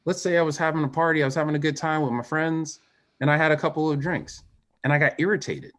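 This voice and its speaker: A man who is a former Olympic swimmer, a podcast guest telling a personal story in a candid and emphatic way, dropping quiet and then rising. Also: fairly high pitch, fast. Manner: animated, emphatic, swings between quiet and raised.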